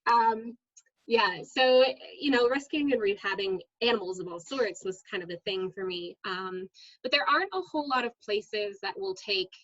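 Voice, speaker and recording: A woman, a middle school science teacher, chatting as a guest in an interview and telling lively stories with frequent "um"s. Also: medium pitch, moderate pace, dry recording, muffled recording. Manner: lively storyteller, many "um"s. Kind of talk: casual interview storytelling.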